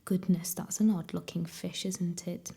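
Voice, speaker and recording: A woman's voice: mid-range voice, steady tone, unhurried, warm tone. A woman voicing a sinister, mocking shape-shifting man in a whispered role-play reading. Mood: taunting. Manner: whispered, taunting.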